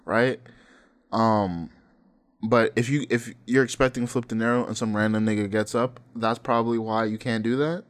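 Young male co-host, loose storyteller who laughs a lot and acts out what others said. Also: moderate pace. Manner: animated, laughing, acts out quotes with sudden pitch jumps. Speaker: podcast co-host. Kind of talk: casual storytelling chat.

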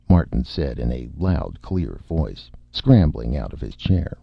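A man narrating an audiobook in a measured, expressive way, in a dry, slightly muffled recording. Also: rumbling low, creaky, slightly rough, no room sound.

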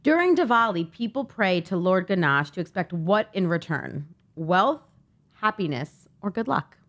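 A woman's voice: mid-range voice, big pitch swings, normal speed, a bit bright. A woman hosting a quiz on a casual podcast, reading out questions and options and teasing the players with a laugh. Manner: playful, teasing, laughs often. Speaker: guest quizmaster.

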